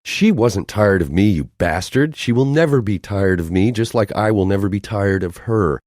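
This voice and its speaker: A fiery, stubborn young woman whose voice cracks with emotion, as a deep-voiced male narrator raises his pitch to play her. She bursts out in defiant, quick-tempered lines. The sound is dry and close. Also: big pitch swings, a little mellow, no echo, full character voice. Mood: fierce. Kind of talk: audiobook character voicing.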